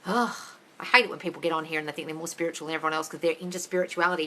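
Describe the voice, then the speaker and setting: Bright-voiced woman ranting on a livestream. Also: low-pitched, rapid-fire, rough recording. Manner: blunt, sweary, ranting, yells a lot. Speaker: manifesting coach answering live chat questions. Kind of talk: livestream Q&A, reading out viewer comments. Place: home desk area. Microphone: livestream on phone or computer.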